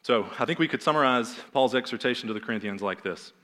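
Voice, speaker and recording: A man's voice: mid-range voice, quick pace, a bit bright. A man in his thirties, a pastor, preaching a sermon in a conversational way with fillers and emphatic repetition.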